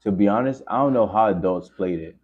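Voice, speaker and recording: A man's voice: on the low side, a little fast, husky. A man chatting casually on a stream while reacting to videos, laid-back and rambling, using lots of slang. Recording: slightly dull lo-fi audio.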